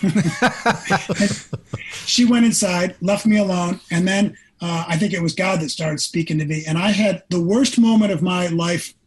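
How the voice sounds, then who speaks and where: An older man with a high-pitched, husky voice recounts a personal story as a podcast guest. He is earnest and animated and acts out what people said to him. He speaks as a former pro quarterback. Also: a little slow, poor audio.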